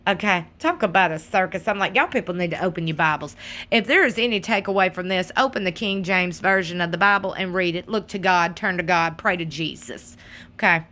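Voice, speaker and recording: A woman with a lowish voice hosts her own channel, addressing viewers directly. Her commentary is sassy, animated and casual.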